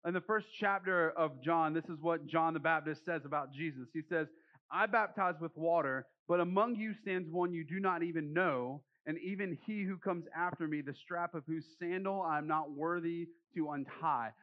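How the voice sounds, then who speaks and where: A young male pastor delivers a sermon in a relaxed, joking way, acting out the people in his story. His voice sits a little high for a man. The recording sounds muffled and lo-fi. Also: moderate pace.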